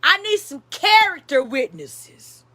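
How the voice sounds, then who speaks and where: A woman's voice: very high-pitched, very animated, slow, noisy background, heavily acted. A woman voicing a jailed male mogul who gives bossy, profane orders.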